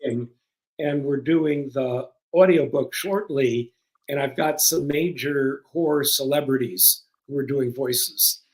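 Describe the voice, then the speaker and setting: Relaxed wry older man guest. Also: mid-range voice, slow, low-quality recording. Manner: relaxed, wry, dry humor. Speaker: guest filmmaker. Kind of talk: casual interview chat.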